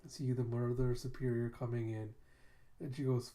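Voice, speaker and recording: A man's voice: mid-range voice, little pitch movement, normal speed, mellow. A man casually reading a comic book aloud, laid-back, swearing and laughing at the story as he goes. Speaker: comic book reader and video host.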